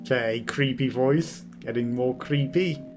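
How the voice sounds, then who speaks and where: An unhurried man with a mid-range voice hosts a let's play, chatting, musing aloud, and chuckling as he plays. Game music plays behind his casual gameplay commentary.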